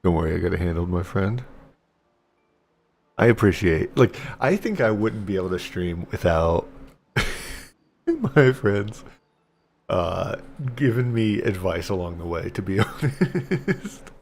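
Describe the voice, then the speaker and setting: A man's voice: low voice, expressive, moderate pace, vocal fry, a little mellow, a little hiss or hum. A young man streaming a game, rambling and self-mocking with casual commentary. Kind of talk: casual live gameplay commentary.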